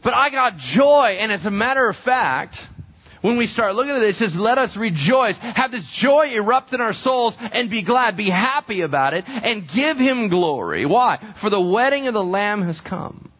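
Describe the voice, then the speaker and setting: Lively, rather high-voiced male pastor preaching, dull lo-fi recording. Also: normal speed, slightly rough. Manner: conversational, asks the congregation questions. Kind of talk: sermon.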